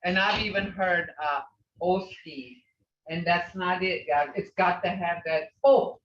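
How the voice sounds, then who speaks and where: A woman teaching a beginner language class, patiently sounding out each word slowly and repeating it. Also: fairly low pitch, distant mic, a little hiss or hum. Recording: echoey, dull lo-fi class recording.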